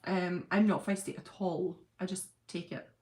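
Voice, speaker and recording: A woman's voice: on the low side, steady tone, moderate pace, darkish tone. Giggly, chatty woman host. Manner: chatty, giggly, talks to viewers by name. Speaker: channel host. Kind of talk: casual livestream chat reading viewer comments.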